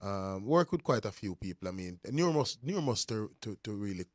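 A laid-back, soft-spoken man appearing as a guest on a studio talk show. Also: on the low side, sing-song, brisk, dry recording. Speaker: guest musician. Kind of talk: casual interview.

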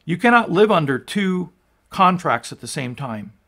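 A man's voice: on the high side, big pitch swings, normal speed, gravelly, fairly bright tone. A man pastor giving an earnest, emphatic sermon, reading scripture and teaching with restarts along the way. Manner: frequent restarts and fillers.

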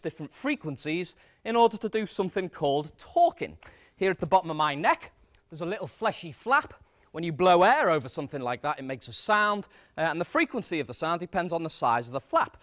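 Lively, high-voiced man joking on stage. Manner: jokey, self-mocking, energetic. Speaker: science presenter. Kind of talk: comic live science demonstration. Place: stage before a live audience.

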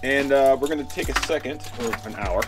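A man's voice: medium pitch, brisk. A man chatting casually into a handheld camera as he goes about his day, rambling and interrupting himself. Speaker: vlogger. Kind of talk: casual vlog chat. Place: outdoors, in a car, and in a store. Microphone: handheld action camera. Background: lofi music.

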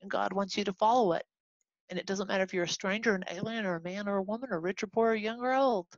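A woman from Texas teaching a casual Bible lesson to a class, animated and chatty, acting out the people in the story as she goes. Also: mid-range voice, fast, no echo. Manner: animated, acts out quoted voices, chatty asides. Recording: dull lo-fi recording.

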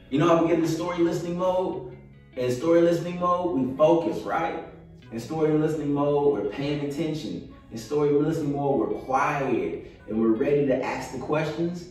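A man leading a kids' yoga lesson on a video call, hyping the children up, then guiding slow breathing in a soft voice. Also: a little high, faint music behind. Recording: echoey room, far from the mic.

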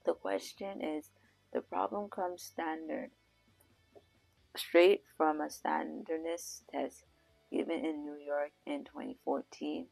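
Slow, gravelly woman with the hiccups. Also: deep voice, fairly even intonation, darkish tone, dry recording, poor audio. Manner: frequent self-corrections with "sorry". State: has the hiccups. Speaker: vlogger. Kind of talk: casual vlog reading math puzzles. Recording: faint music in background.

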